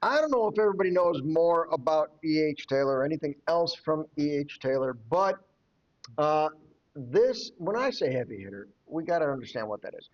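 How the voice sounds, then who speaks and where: A man's voice: fairly high pitch, lively intonation, a little fast, highs cut off. A man co-hosting a casual podcast, joking and teasing in banter. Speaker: podcast co-host. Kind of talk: casual chat.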